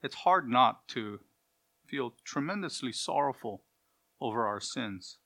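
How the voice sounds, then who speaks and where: Male preacher, mid-range voice, earnest and pleading, swings between loud and quiet, asks the congregation direct questions. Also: medium pitch, expressive, measured pace. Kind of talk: sermon.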